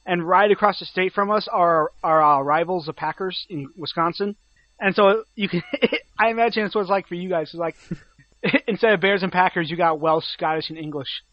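A man's voice: high voice, brisk, no echo. A man with an American accent chatting casually, teasing and laughing often. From Chicago, United States. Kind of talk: casual chat. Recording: dull lo-fi sound.

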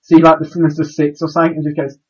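Male podcast co-host, husky, slightly high, stumbles over words, lo-fi recording. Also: completely flat delivery, rapid-fire. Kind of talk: casual podcast chat.

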